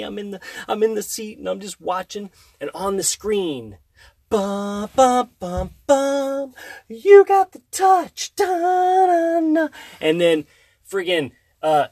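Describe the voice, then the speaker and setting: A man in his thirties chatting casually on a podcast, telling a story in an animated way. He hums tunes and acts out scenes. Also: sits high, no room sound.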